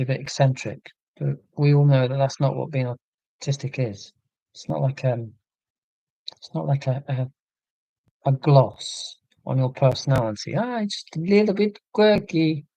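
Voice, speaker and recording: A man with a mellow, relaxed, mid-range voice and some vocal fry chats casually on a livestream, rambling earnestly, frequently starting sentences over, and responding to comments he reads aloud. The close, dry recording has no echo or room sound and a lo-fi quality.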